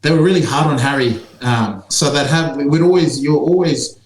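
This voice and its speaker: A man's voice: fairly high pitch, moderate pace. A man in his thirties, a former pro player, telling stories in a casual chat with lots of fillers and laughter. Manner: laid-back, laughs through stories, many fillers. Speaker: podcast co-host, former pro rugby player. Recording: echoey room with faint background noise.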